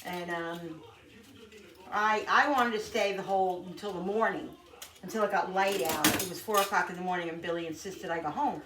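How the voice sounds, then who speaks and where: A woman's voice: lowish voice, moderate pace, distant mic, heavy background noise. Middle-aged woman vlogger, chatty and emotional, keeps restarting. Taped from across an echoey kitchen with dishes clattering. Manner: rambling, emotional, many restarts and "you know"s. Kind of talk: casual storytelling.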